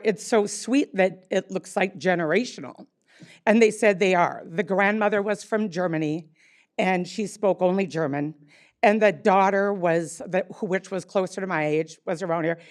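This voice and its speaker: A woman in her sixties, a wine bar owner speaking unprepared at a public meeting, rambling with many fillers and restarts. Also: mid-range voice. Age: 60s.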